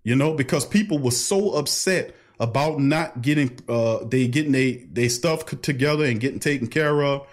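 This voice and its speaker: A middle-aged man, hosting a casual call-in livestream in an animated, preachy way full of street slang. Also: mid-range voice, moderate pace, hardly any pauses. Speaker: livestream talk host. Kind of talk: casual call-in talk stream.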